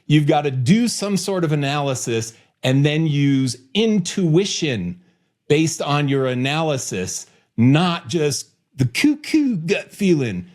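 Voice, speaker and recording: A man hosting a podcast, talking casually and with energy, joking around and speeding up when he gets excited. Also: fairly high pitch, slow. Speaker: podcast host.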